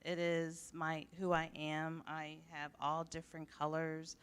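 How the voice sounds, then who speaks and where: Older woman, midwestern accent, smooth clear voice, lowish pitch, earnest, reflective panel talk. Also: completely flat delivery, unhurried. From United States. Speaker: panel speaker. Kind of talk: personal story on a panel. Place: office event space.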